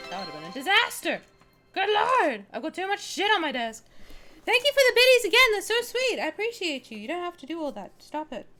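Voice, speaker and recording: A woman streaming a game, talking casually with her chat, swinging from loud squeals to quiet mutters. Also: a little high.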